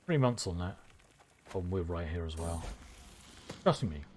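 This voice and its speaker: A man streaming a strategy game live, thinking aloud with excitable bursts. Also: low-pitched, moderate pace, a little hiss or hum.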